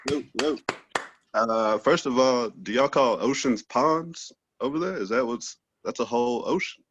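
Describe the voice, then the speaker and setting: A man's voice: mid-range voice, measured pace, slightly rough, muffled recording. A man doing a loose, profane stand-up set over a video call, laughing at his own jokes. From Texas, USA. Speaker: stand-up comedian.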